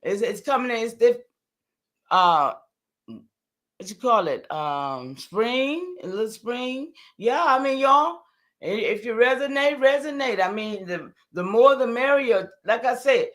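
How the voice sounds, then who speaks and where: Older woman, bright voice, rambling livestream chat, answers viewers. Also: on the high side, animated, slow. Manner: rambling, emphatic, talks back to chat comments. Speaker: livestream host. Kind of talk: casual livestream talk to viewers.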